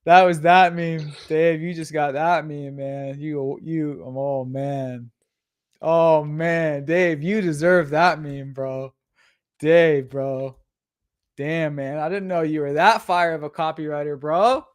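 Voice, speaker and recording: A man hosts a casual live stream in a fairly high voice. He gets hyped fast, drops slang and swears freely while he talks. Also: fairly even intonation, clean tone. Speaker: host of a live listing audit.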